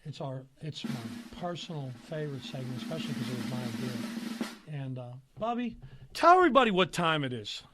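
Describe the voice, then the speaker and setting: A man's voice: mid-range voice, sing-song, fairly quick, background noise. A male podcast host who teases his guest, tells stories and runs the show's segments. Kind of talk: casual podcast banter.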